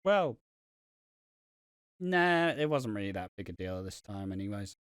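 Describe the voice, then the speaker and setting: A man's voice: on the low side, very animated, unhurried, clean tone, dry recording. Dry-sounding man recapping casually. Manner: rambling recap with many restarts. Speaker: podcast co-host. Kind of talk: casual podcast chat.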